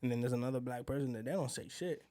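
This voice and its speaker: A man's voice: mid-range voice, rapid-fire, dark tone. A man co-hosting a podcast, telling rambling stories in casual chat and acting out what people said. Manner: rambling storyteller, acts out quotes. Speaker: podcast co-host.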